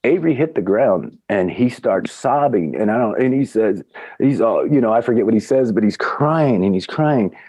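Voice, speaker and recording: A middle-aged man with a low, warm voice tells a story to podcast hosts. He acts out the quotes with sudden jumps up in pitch, then drops back into an easy conversational tone. The sound is dry and close to the mic. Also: lively intonation, normal speed, breathy edge, no room sound. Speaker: podcast guest. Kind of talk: casual anecdote telling.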